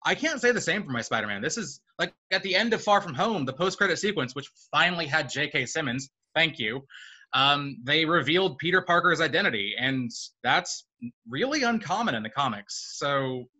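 A man's voice: on the high side, lively intonation, moderate pace, bright, forceful tone. A man in a casual debate, sarcastic and swearing, mocking lines he dislikes. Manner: sarcastic, swears, mimics characters. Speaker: debater defending a film.

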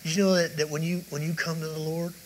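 This male preacher's voice is a little high and level, and he speaks fast; the low-quality audio has some hiss or hum. During a church service he delivers a rambling, chatty sermon mixed with personal testimony, with many restarts along the way.

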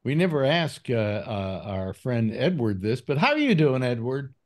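A man's voice: mid-range voice, big pitch swings, moderate pace. A man hosting a casual call-in panel chat, rambling with many fillers and restarts. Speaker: call-in show host.

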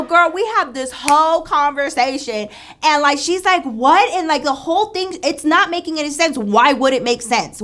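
A woman's voice: high voice, a little hiss or hum. Chatty woman telling a story. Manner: animated, chatty, acts out friends' voices, says "girl" and "y'all". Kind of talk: casual storytime monologue.

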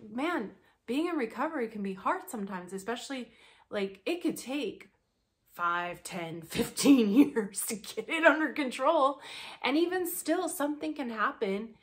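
A woman talking frankly in a casual commentary vlog, blunt and quick to laugh. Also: medium pitch. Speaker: commentary vlogger.

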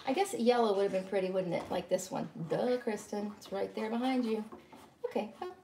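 A woman's voice: medium pitch, fairly quick, gravelly, warm tone, slight background noise. A middle-aged woman, chatting casually and rambling to live-stream viewers while teaching painting.

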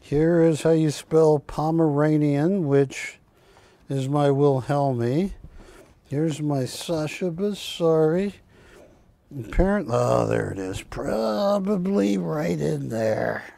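A man's voice: fairly high pitch, slow, creaky, mellow. A man hosting a live shopping channel show, telling rambling stories about the art he sells and correcting himself as he goes. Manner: rambling anecdotal storytelling, self-correcting. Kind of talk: live TV sales presentation. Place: TV studio.

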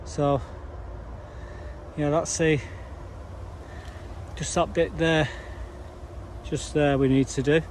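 A man's voice: on the high side, flat delivery, slow pace, long pauses, darkish tone. A man chatting casually to camera as he works his allotment garden, rambling along with dry, grumbling asides. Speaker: allotment vlogger. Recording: faint background noise outdoors. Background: faint outdoor ambience.

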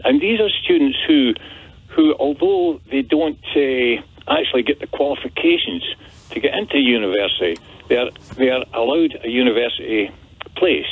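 A man's voice: mid-range voice, lively intonation, normal speed, husky, no echo. Hesitant man on a phone line. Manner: hesitant, filler-heavy, earnest. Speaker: caller. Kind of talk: phone-in call. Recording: dry tinny phone line.

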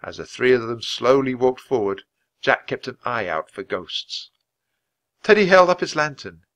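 A man reading a children's chapter book aloud at a natural, clear pace. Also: medium pitch, big pitch swings, normal speed, fairly bright tone. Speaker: storybook reader.

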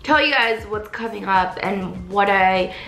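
A woman's voice: mid-range voice, measured pace, creaky, a bit bright, faint music behind. A young woman chatting casually to her channel's viewers, rambling and sometimes talking while eating. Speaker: YouTuber. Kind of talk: casual vlog chat. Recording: roomy room echo.

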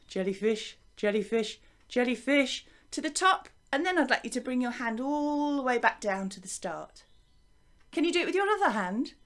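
A woman with an English accent teaching young children a music and movement lesson to camera, gentle and encouraging, chanting along with the actions. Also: high-pitched. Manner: gentle, encouraging, sing-song counting and chanting. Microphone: wearing a microphone.

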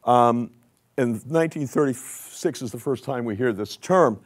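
A man's voice: medium pitch, a little slow. An older man giving a conversational conference lecture with slides, asking the audience questions. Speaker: conference speaker.

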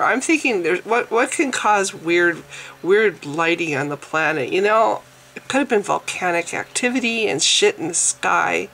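A woman's voice: on the low side, moderate pace, a bit bright. A woman vlogger who is sick, ranting casually in an exasperated, mocking way and laughing now and then. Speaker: atheist vlogger. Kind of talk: casual vlog rant.

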